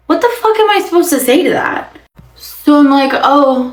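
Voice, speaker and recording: A young woman casually telling a dating story in an exasperated, animated way, full of fillers. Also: sits high, slow pace, long pauses, echoey room.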